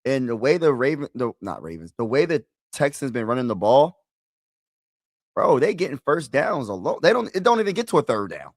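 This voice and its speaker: A man giving excitable, slangy live play-by-play and reaction on his stream, his voice rising when he calls big plays. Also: medium pitch, fairly quick, no room sound, clean studio sound. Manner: excitable, slangy, talks to viewers as "bro"; rises loudly when calling big plays. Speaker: sports streamer.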